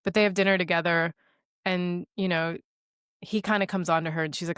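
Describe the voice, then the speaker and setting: A woman with a lowish voice cheerfully recaps a film plot for her co-host, slipping into quick impressions of the characters. The audio is dry and close, with no room sound. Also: no room sound. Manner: animated storyteller, acting out characters' lines, laughing often. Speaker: podcast co-host. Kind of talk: casual film recap chat.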